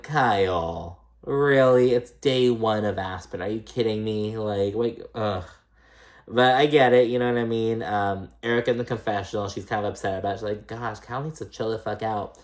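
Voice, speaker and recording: A man hosting a casual reality TV recap. He talks in a chatty, profane way and mimics the cast's lines in a higher pitch.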